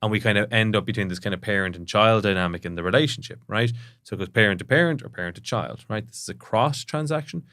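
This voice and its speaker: A middle-aged man, a therapist, explaining ideas in a fast, conversational way and checking in with "right?". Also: fairly low pitch, a bit bright, no room sound, studio quality. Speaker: psychotherapist guest.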